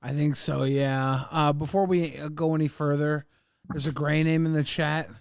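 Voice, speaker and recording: Gravelly-voiced man on a podcast mic. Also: a little high, level tone, moderate pace, dry recording, clean studio sound. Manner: laid-back, casual swearing, mimics others. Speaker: podcast co-host. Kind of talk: casual commentary.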